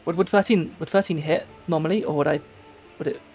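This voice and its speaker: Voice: medium pitch, fast talker, a little mellow, husky, soft background music, rough recording. A player in a tabletop game, hesitant and full of fillers while describing an action.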